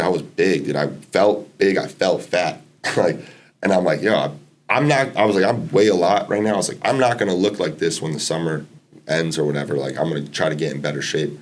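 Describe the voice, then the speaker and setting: Give me a man in his twenties with a deep voice, telling a story in a loose, rambling way. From Massachusetts, US. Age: 20s. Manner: rambling, laid-back, lots of fillers and quoted dialogue. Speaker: podcast guest, college basketball player. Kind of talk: casual storytelling interview.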